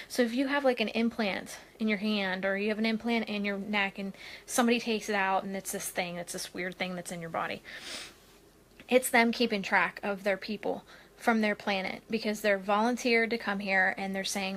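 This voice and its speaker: A woman's voice: medium pitch, fairly even intonation, normal speed, a bit bright. Chatty woman hosting a live stream. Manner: chatty, rambling, with frequent fillers and laughter. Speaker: spiritual medium host. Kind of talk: casual live-stream chat. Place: home, Maui.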